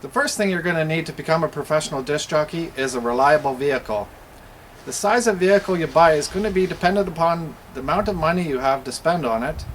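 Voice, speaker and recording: A middle-aged man, a professional DJ, explaining the trade in a plain, steady teaching voice with frequent pauses. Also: a little high, slight background noise. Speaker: professional DJ and instructor. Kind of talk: instructional explanation.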